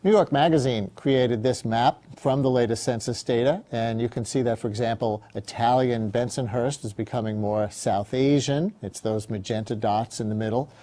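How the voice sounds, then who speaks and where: A man hosting a TV interview, reading a measured scripted intro then asking quick questions in a studio. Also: medium pitch, mellow. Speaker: host.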